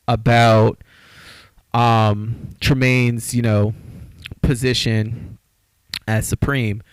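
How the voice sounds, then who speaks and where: A man hosting a podcast in casual chat, talking in an animated, rambling way and getting riled up as he makes his points. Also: medium pitch, smooth, no echo. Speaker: podcast host.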